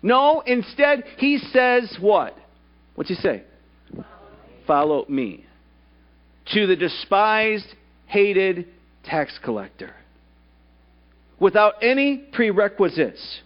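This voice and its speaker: A man's voice: sits high, big pitch swings, slow. Guy preaching a sermon in church, keeps asking the crowd questions, voice jumps all over, kinda muffled lo-fi recording. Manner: asks the congregation rhetorical questions. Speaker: pastor. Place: church service.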